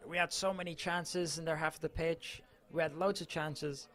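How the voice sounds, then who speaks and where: A man's voice: fairly high pitch, fairly even intonation, normal speed, a bit bright. A man from Mallorca, a footballer, giving an earnest, emotional post-match interview with his voice cracking. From Mallorca, Spain.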